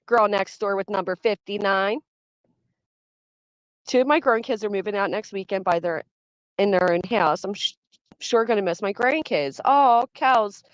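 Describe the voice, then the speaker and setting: A woman in her thirties hosts a casual livestream, chatting and greeting viewers by name as she reads through the chat. Her voice is mid-range, and the recording is dull and dry.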